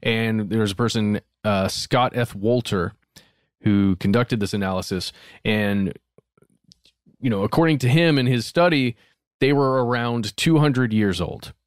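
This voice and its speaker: A man's voice: fairly low pitch, measured pace, clean tone, no room sound, studio quality. A man co-hosting a podcast, making his points in an earnest, hedging way with frequent restarts. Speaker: podcast co-host. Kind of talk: casual conversational discussion.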